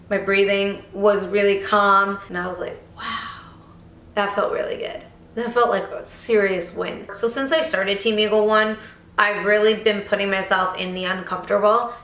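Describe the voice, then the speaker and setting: A woman with a bright, ringing voice tells her story in a candid, animated way, like a personal vlog. The sound bounces around an echoey room. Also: medium pitch. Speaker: vlogger. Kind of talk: reflective vlog narration.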